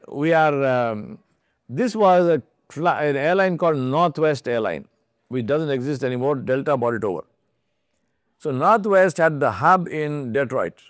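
A man giving a storytelling talk on religious topics, animated, often laughing as he speaks and restarting his sentences. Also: on the high side, moderate pace, no room sound, clean studio sound. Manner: animated, laughs often while telling stories; frequent restarts and repeated words.

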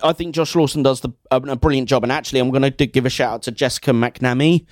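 A young man co-hosting a casual film review podcast, enthusiastic and quick to laugh. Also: medium pitch, fairly even intonation, no room sound, studio quality. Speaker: podcast co-host.

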